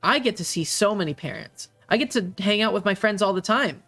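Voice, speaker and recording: A cocky gnome boy taunts in a raised, bright voice, as a man puts him on. He brags and needles the other child. Faint music plays behind. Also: sits high, a little fast, pitched above the performer's own voice, exaggerated voice. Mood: boastful. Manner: taunting, bragging.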